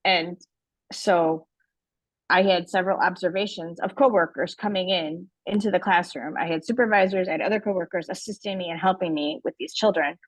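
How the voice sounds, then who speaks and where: A woman teacher sharing her struggles in a group call, speaking haltingly and repeating words as she looks for them. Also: fairly low pitch, no echo, poor audio.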